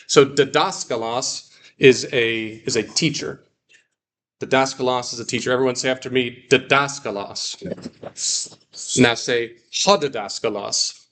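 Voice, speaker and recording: A man teaching a classroom, drawing out phrases slowly for the class to repeat. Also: medium pitch, fairly even intonation, a bit bright, slight background noise. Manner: slow, drawn-out model phrases for repeating. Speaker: Greek teacher.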